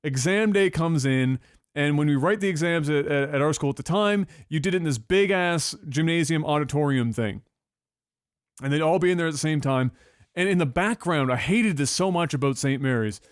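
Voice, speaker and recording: A young man telling a story on a podcast in a casual, profane, animated way. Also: fairly high pitch, normal speed, clear, resonant tone, no echo, clean studio sound. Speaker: podcast co-host.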